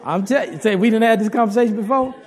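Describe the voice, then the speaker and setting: A man's voice: sits high, fast. A man preaching a sermon to his congregation in a folksy, humorous way, talking straight to the listeners.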